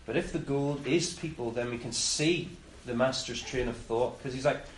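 A man preaching a conversational sermon, often voicing the master's words in quick asides. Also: mid-range voice, slight background noise. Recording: roomy echo with faint ambience.

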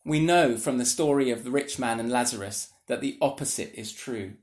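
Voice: medium pitch, normal speed. A preacher giving an earnest, conversational sermon that is full of questions put to the listeners. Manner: earnest, conversational, asks the audience rhetorical questions.

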